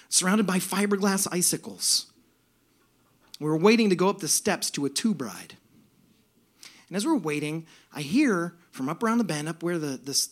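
Onstage before a laughing audience, a man with a high-pitched, fairly bright voice performs a comic story. His tone is sardonic, punctuated by bursts of mock outrage.

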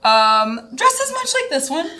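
A woman's voice: sits high, very animated, slow, sharp tone, slight background noise. A woman author introducing her book at a live reading, chatty and wry, with fillers. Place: live venue with audience.

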